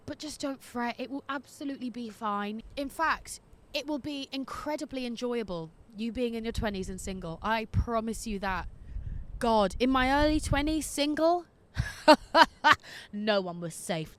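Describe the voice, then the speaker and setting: A woman's voice: on the high side, fairly bright tone. A woman in her twenties hosting an advice podcast, reading letters aloud in a cheeky, sassy way and laughing often, recorded outdoors in the wind. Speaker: podcast host giving advice. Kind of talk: casual agony-aunt chat reading letters. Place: outdoors in windy streets.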